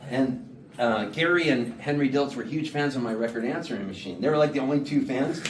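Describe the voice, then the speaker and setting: A singer-songwriter telling a rambling comic story to a live audience, laughing and quoting people in voices. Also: male voice, medium pitch, a little fast. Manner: laid-back, laughing, quotes people in voices. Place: small showcase room, live audience. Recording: roomy live room, mic at a distance, background noise.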